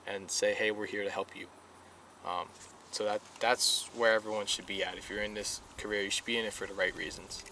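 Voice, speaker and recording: Young male guest, earnest, low-ish voice, faint hiss. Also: bright, forceful tone. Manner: earnest, repeats himself with many fillers. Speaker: guest, police recruit. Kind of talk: casual podcast interview.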